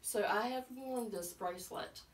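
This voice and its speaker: A woman's voice: a little high, measured pace, a little hiss or hum. A middle-aged woman, a guest telling her personal story in a casual chat, earnest and emotional, with many fillers. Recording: roomy, from a distance, faint ambience.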